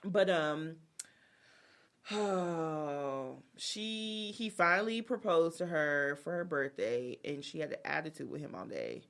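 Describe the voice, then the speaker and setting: A woman's voice: low voice, sing-song, slow pace, creaky. A woman co-hosting a casual gossip chat, telling a story and acting out what people said. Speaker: podcast co-host.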